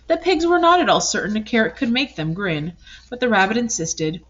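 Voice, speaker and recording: A woman reading a children's picture book aloud in an expressive, lively way. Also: fairly high pitch, fairly quick. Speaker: storybook reader. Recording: dull lo-fi recording.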